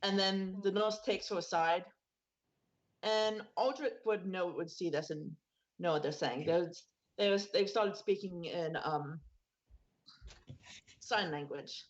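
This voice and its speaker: A woman's voice: on the low side, takes it slowly, long pauses, highs cut off. A woman narrating a tabletop game as game master, casual and rambling with many fillers.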